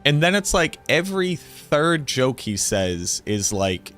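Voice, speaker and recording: A man's voice: fairly high pitch, very animated, takes it slowly, fairly bright tone, soft background music. A man in his thirties with a Boston accent, chatting casually and rambling on a game stream. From North Shore of Boston, USA.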